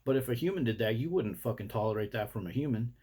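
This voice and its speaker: A man's voice: medium pitch, expressive, fast talker, mellow, husky. A man delivering a blunt, indignant, profanity-laced rant to camera as a vlogger. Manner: blunt, indignant, heavy swearing.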